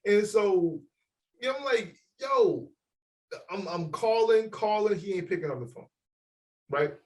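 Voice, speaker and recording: A man with a somewhat high voice spins a story in casual podcast chat, animated and full of swearing. He acts out the other people's lines as he goes. He sits a little away from the microphone. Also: moderate pace, far from the mic, rough recording. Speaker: podcast co-host.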